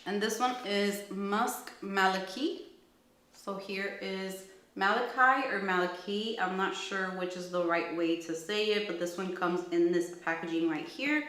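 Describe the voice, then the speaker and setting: A woman's voice: fairly low pitch, fairly bright tone. A woman casually reviewing perfumes, enthusiastic and gushing, thinking aloud as she describes each scent. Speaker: fragrance reviewer. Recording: echoey room.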